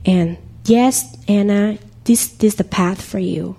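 A woman gives an earnest church testimony in halting speech, urging listeners to live their faith all week. Her mid-range voice is warm and slightly hoarse.

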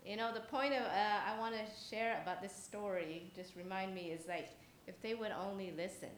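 A woman tells a story during a children's sermon, chatty and quick to laugh, often asking her listeners questions. Her voice echoes through a church hall with a faint hum of ambience behind it. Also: mid-range voice. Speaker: speaker giving a children's message at church.

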